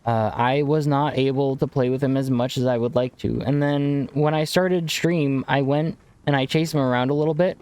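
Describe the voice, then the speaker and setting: A man's voice: medium pitch, fairly even intonation, normal speed, hardly any pauses, darkish tone. A young man chatting casually to viewers on a game stream, laid-back and rambling, calling people bro. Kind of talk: casual live-stream chat while gaming.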